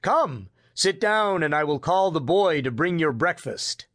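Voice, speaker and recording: A man voicing a calm, firm older grandfather who runs an inn. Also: a little high, a little slow, no room sound, clean studio sound. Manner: firm, commanding.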